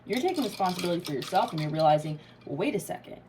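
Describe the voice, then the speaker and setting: A tarot reader with a fairly low, darkish voice talks very fast and animatedly in a low-quality recording with slight background noise. Doing a casual reading to camera, she's emphatic, swears freely, laughs, and gets emotional.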